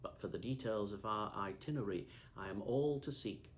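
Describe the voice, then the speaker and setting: A man reading a classic novel aloud as an audiobook, in a steady, measured first-person storytelling manner. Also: fairly low pitch, a little hiss or hum. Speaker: audiobook narrator.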